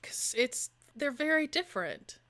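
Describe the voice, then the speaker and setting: A young woman co-hosts a casual podcast chat, talking in an animated, jokey way and laughing often. Her voice is bright, clear and pitched a bit high. She keeps the banter light and playful. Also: measured pace. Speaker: podcast co-host.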